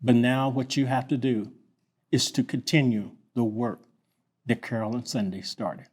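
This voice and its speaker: A man from Kentucky who is a pastor, giving a halting, reflective memorial tribute. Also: mid-range voice, fairly even intonation, darkish tone, husky. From Lynch, Kentucky.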